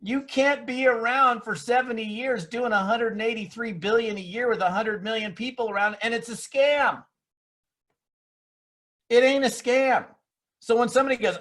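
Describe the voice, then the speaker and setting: A man with a fairly high voice delivers a motivational seminar talk. He is emphatic and lively. He mocks skeptics with put-on voices. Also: normal speed. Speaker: network marketing speaker.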